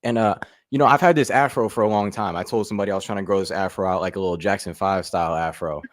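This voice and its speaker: A man's voice: low-pitched, fairly even intonation, very fast, dry recording, clean studio sound. A young man doing a loose stand-up routine with lots of fillers, rambling from one joke to the next. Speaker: comedian contestant.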